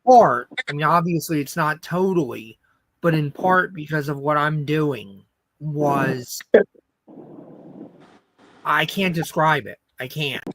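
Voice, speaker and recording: Male guest, earnest and halting, slightly high voice, noisy recording. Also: a bit bright. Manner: slow, earnest, searching for words. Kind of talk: casual chat. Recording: noisy line with clicks.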